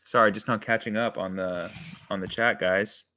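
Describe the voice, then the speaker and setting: A man's voice: fairly low pitch, steady tone, normal speed, sharp tone. A man casually thinking aloud while writing a comedy sketch on a live stream, answering chat and chuckling as he goes.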